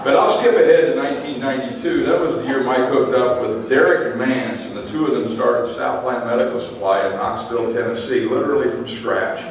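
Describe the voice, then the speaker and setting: A man's voice: medium pitch, a little fast, few pauses. A middle-aged man giving a teasing roast speech at a banquet, telling anecdotes with dry punchlines. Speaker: roast speaker at an awards dinner. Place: large banquet hall. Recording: very echoey hall, distant mic, faint room noise.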